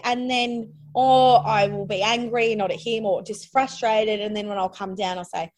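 A woman's voice: fairly high pitch, normal speed. A woman, a podcast guest talking candidly and reflectively, often trailing off and starting over. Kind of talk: candid conversational interview.

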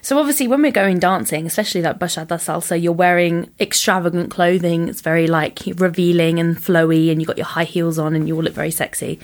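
Lowish woman's voice, chatty and animated, lots of "like"s, telling a story. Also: fast, hardly any pauses. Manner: animated, chatty, full of "like"s, acts out quotes. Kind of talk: casual storytelling chat.

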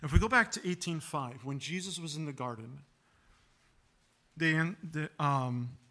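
Preaching unhurriedly, a man speaks in a slightly high voice with a sharp tone. His sermon is earnest, full of rhetorical questions, acted-out dialogue, and words repeated to build points.

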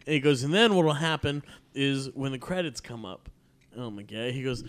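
A man's voice: medium pitch, very animated, brisk, a bit bright. A man hosting a live-streamed podcast, telling a rambling, profane story and laughing often. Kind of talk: casual chat, storytelling. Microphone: live-streamed podcast mic.

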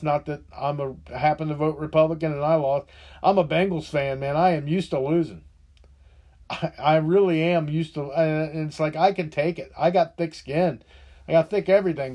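A middle-aged man with a somewhat high voice rants on his podcast. He is frustrated and profane, and he rambles, often restarting his sentences as he vents. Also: darkish tone. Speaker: podcast host. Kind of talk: angry political rant.

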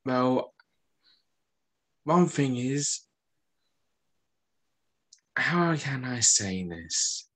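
Slow, hesitant man at a tabletop game. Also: medium pitch, lively intonation, fairly bright tone. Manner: hesitant, full of ums. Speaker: player. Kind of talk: casual chat at a tabletop game.

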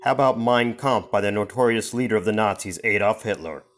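A man's voice: lowish voice, brisk, a little hiss or hum. A man reading a scripted advertisement in a dramatic, announcer-like way. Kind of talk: scripted ad read.

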